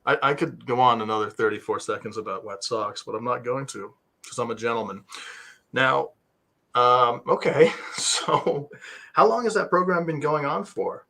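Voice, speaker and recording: On a video call, a man hosts an online talk show in casual interview chat, his medium-pitched voice creaky, pushed and bright, at a moderate pace. English isn't his first language, and he rambles and jokes at his own expense.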